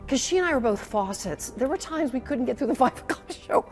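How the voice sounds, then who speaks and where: Woman, sixties, veteran news anchor, higher voice, reflective and emotional, repeats herself when moved. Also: fairly quick, soft background music. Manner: animated, emotional storyteller who repeats phrases. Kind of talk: reflective conversational interview.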